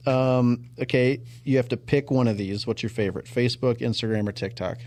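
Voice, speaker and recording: A man's voice: mid-range voice, flat delivery, a little mellow, a little hiss or hum. A man hosting a podcast in casual chat, upbeat and teasing. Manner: upbeat, teasing, quick follow-up questions. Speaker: podcast host.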